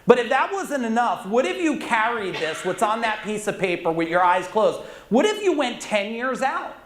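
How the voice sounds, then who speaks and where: An intense, commanding man speaks from a stage, his voice sitting unusually high. He drives the crowd through questions and shouted replies. The sound rings with the echo of a big hall. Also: big pitch swings, moderate pace, slight background noise. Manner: intense, commanding, leads audience call-and-response. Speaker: motivational speaker. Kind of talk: live motivational stage talk. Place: large conference hall with audience. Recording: echoey hall.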